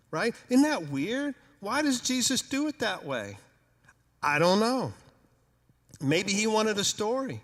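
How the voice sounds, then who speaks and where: A pastor delivering a sermon with lively, joking storytelling, his voice sitting fairly high for a man. Long reverb from the church sanctuary trails behind each phrase. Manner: conversational, humorous, animated storytelling.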